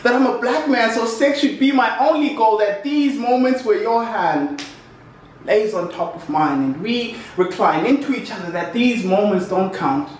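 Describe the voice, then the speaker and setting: A man's voice: high voice, moderate pace. A young South African man performing spoken-word poetry in an office, with a rhythmic, impassioned recitation built on repeated refrains. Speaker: poet. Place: office room. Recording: very echoey room, mic far off, faint noise.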